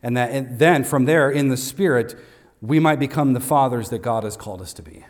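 A man's voice: medium pitch, brisk. Emphatic male pastor preaching a sermon. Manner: emphatic, repeats key points for note takers; light humor aimed at the congregation. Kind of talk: Father's Day sermon. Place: church sanctuary.

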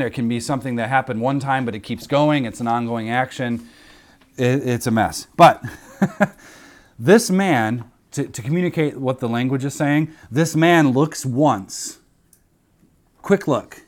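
A man preaching a sermon, earnest and emphatic, repeating key phrases for weight. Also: mid-range voice.

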